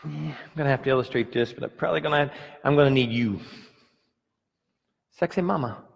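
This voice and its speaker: Husky-voiced pastor preaching. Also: male voice, medium pitch, a little fast. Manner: playful, talks with the congregation. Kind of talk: sermon. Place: church hall with congregation. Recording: long reverb of a church hall.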